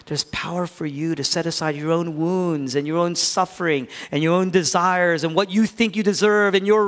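A man preaching a sermon as pastor, swinging between loud declarations and hushed near-whispers. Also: on the high side. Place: church hall. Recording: hall reverb.

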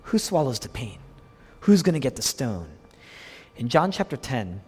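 Pastor guy preaching, kinda husky, voice swings way up and down, big hall echo. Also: mid-range voice, big pitch swings, normal speed, pauses often. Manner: dramatic, swings from hushed whispers to loud emphatic lines. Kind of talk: sermon. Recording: long hall reverb.

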